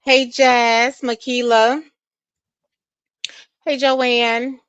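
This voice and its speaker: A woman runs a casual livestream. She is a little out of breath, chatty and quick to laugh, and greets viewers one by one. Her voice sits a bit high and sounds close and dry. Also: level tone, fairly bright tone, clean tone, no room sound. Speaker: livestream host.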